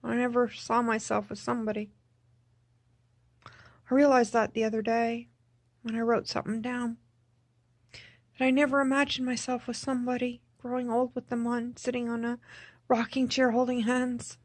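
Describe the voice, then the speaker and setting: A woman recording a personal video diary, speaking in a subdued, tearful, halting way and repeating herself. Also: fairly high pitch, flat delivery, no echo. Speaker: vlogger.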